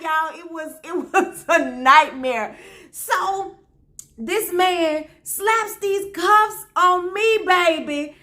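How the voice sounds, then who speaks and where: A woman from Memphis, telling a funny personal story to her viewers in an animated, folksy way. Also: very high-pitched, extremely slow. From Memphis, Tennessee. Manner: animated, talks straight to viewers with folksy asides. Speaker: storyteller host.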